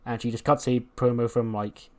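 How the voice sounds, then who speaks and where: A man's voice: mid-range voice, level tone, normal speed. Chatty man narrating a wrestling sim. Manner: chatty, laughs at himself, swears casually. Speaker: YouTuber playing a wrestling booking sim. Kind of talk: casual commentary.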